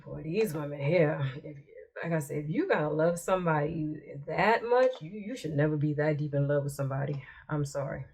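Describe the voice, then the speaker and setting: A woman's voice: deep voice, fairly quick, darkish tone. A woman vlogger giving casual commentary with chatty, exasperated asides as she reads text messages aloud.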